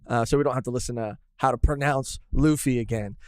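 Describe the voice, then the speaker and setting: A man's voice: mid-range voice, fairly quick, dry recording. A man co-hosting a podcast in casual chat, laid-back, saying "dude" often and laughing easily. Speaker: podcast co-host.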